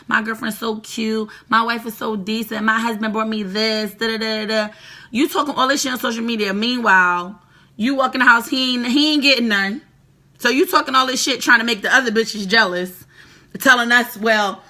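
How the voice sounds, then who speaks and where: Woman host, bright and a bit high, brash straight-talking relationship advice. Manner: profane, brash, animated and lecturing. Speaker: mother of two. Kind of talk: blunt advice monologue.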